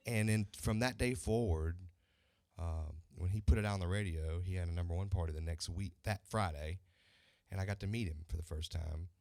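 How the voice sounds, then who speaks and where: Deep, low-pitched male country singer, lively storyteller, close dry studio sound. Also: a little fast, vocal fry, dry recording. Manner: animated storyteller acting out quoted voices. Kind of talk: casual interview storytelling.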